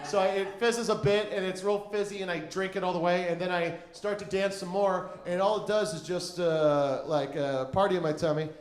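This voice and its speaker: Guy doing standup, kinda high voice, rambly self-mocking story, roomy club mic. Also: steady tone, moderate pace, hardly any pauses. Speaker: stand-up comedian. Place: comedy club stage.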